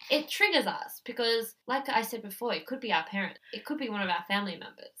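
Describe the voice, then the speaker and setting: A woman's voice: fairly high pitch, animated, quick pace, a bit bright, a little hiss or hum. Earnest young woman co-host. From Australia. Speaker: podcast co-host. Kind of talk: casual chat.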